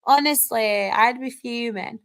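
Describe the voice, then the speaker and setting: A young Northern English woman hosting a live stream, chatting casually and reading out comments, excitable with quick laughs. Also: a little high, gravelly.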